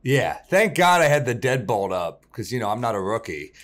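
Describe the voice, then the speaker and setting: He is a male stand-up comic on a casual podcast, telling a road story with plenty of swearing. He jumps into the voices of the people in his story and keeps the chat loose. His pitch sits in the ordinary middle range for a man. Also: moderate pace. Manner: profane, animated storyteller who acts out others. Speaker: podcast co-host.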